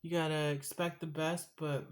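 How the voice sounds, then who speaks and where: A woman's voice: deep voice, little pitch movement, moderate pace. A woman talking to her viewers in a casual home vlog, emotional and rambling, swearing casually. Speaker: vlogger. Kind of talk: casual vlog while eating.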